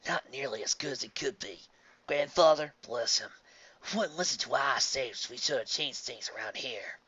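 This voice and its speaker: A man's voice: mid-range voice, normal speed, sharp tone, husky, no room sound. A man voicing a young male bartender who talks in a grumbling, earnest way, on a dull lo-fi recording.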